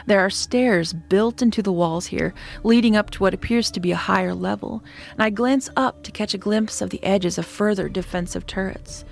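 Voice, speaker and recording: A woman narrating a scripted horror story in a steady, descriptive manner, sometimes dropping to a hush. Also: mid-range voice, moderate pace, vocal fry. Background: faint background music.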